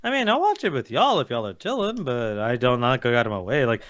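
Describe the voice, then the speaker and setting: Quick-talking man, matter-of-fact. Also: medium pitch, very animated, a bit bright. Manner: matter-of-fact, plugging events. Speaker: podcast co-host. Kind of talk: casual live-stream chat.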